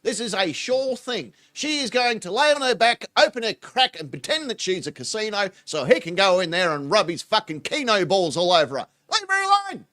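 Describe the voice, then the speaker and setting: Animated man, crude commentary. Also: sits high, brisk, hardly any pauses. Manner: foul-mouthed, mocking, laughing. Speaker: host.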